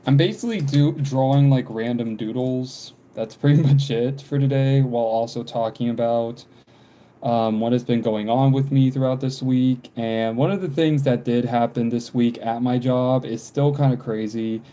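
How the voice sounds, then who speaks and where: This livestream drawing vlogger, an American man in his twenties, speaks at normal speed with a dark, medium-pitched voice and fairly even intonation. While drawing he chats loosely, rambling, repeating himself, and saying um a lot.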